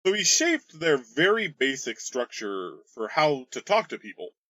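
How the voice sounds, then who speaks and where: In a dry recording, a game master with a slightly high, very animated voice, pushed and bright, takes an unhurried pace. He casually rambles through the history of his tabletop campaign as worldbuilding, cracking crude jokes.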